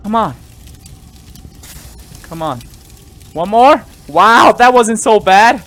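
A gaming YouTuber with a fairly high voice commentates on a horror game let's play. He's jumpy and startles easily, lurching between loud yelps and quiet muttering.

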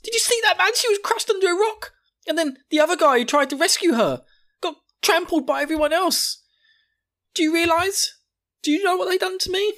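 A man voicing a vengeful teenage girl soldier in an animated podcast recap, ranting frantically. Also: very high-pitched, fairly quick, voice pushed up, full character voice. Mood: frantic.

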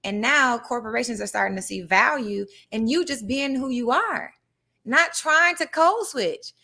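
Woman, young adult, podcast host, live monologue, bright voice, animated conversational delivery. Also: fairly high pitch, measured pace, vocal fry. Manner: animated, conversational, reads passages aloud.

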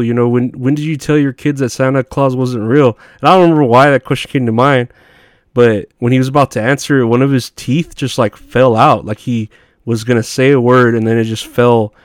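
A man's voice: mid-range voice, dry recording, studio quality. A man telling rambling, profane work stories in a casual monologue, often laughing at himself. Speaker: podcast host.

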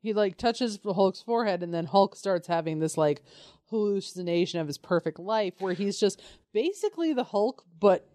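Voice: medium pitch, expressive, moderate pace, dark tone, no echo. Podcast cohost recapping a comic, wry dry asides, close dry sound. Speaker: podcast co-host. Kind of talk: casual comedic chat.

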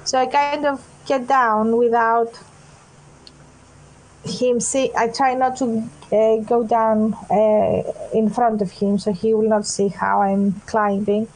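A woman's voice: on the high side, level tone, slow pace, darkish tone, low-quality recording. A woman as a player in a tabletop role-playing game, talking casually and hesitantly. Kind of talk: tabletop role-play chat.

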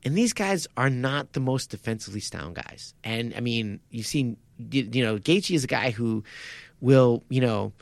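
A man on a podcast, chatting casually about martial arts fights, animated and quick to laugh as he acts out his own reactions. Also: mid-range voice, creaky, a little hiss or hum. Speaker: podcast co-host. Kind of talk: casual sports chat.

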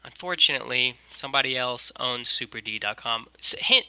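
Bright-voiced young man telling a story. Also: mid-range voice, a little fast, smooth, no echo, rough recording. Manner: rambling, animated, quotes people. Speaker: guest, merch designer. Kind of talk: casual storytelling.

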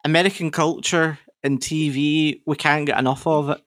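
A Scottish woman hosting a podcast interview, chatty and quick to laugh. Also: low voice, steady tone, dry recording, clean studio sound. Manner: giggly, chatty. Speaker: podcast host. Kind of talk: casual interview chat.

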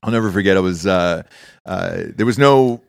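A man's voice: deep voice, normal speed, gravelly, no room sound, clean studio sound. A man telling a long, profane story in a casual podcast chat, acting out the people in it. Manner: animated, profane, acts out quoted people. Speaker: podcast host.

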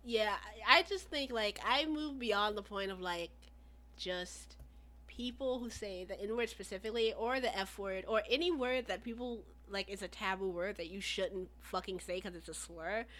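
Wanita bicara blak-blakan dan tegas. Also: female voice, mid-range voice, normal speed, a bit bright. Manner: blunt, emphatic, swears freely. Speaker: podcast co-host. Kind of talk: casual chat.

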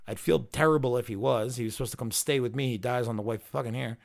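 A podcast host with a medium-pitched, creaky voice talks slightly fast as he casually rambles through a lengthy, profane anecdote. Along the way, he quotes what the people in it said.

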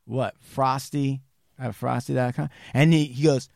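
A man hosting a podcast, telling a true crime story casually and acting out the quotes with sudden jumps in pitch and some swearing. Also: little pitch movement, unhurried, vocal fry, darkish tone, no echo, clean studio sound. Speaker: podcast host.

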